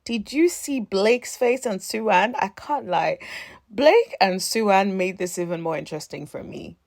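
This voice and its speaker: A woman's voice: mid-range voice, unhurried, gravelly, darkish tone, dry recording, studio quality. Sassy woman recapping a reality show. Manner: sassy, chatty, dramatic reactions, addresses viewers as honey. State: voice a bit worn. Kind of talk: casual commentary recap.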